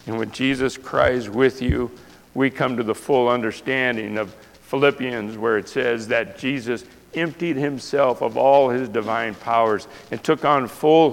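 A man's voice: mid-range voice, a bit bright. A male pastor preaching a sermon with passion, throwing rhetorical questions at the congregation. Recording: long reverb of a large hall.

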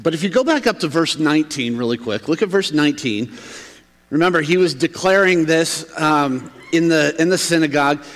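A man preaching a relaxed, conversational sermon in a church sanctuary. His voice sits a little high for a man, and it carries a long reverb through the large hall. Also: moderate pace. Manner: conversational, acts out townsfolk's reactions. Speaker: pastor.

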